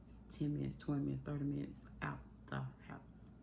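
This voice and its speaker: Low gravelly woman talking into her phone. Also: very animated, warm tone, a little hiss or hum. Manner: earnest, rambling, slows and speeds up often. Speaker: YouTube channel host. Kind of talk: emotional talk to camera about grief. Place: at home indoors. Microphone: phone mic.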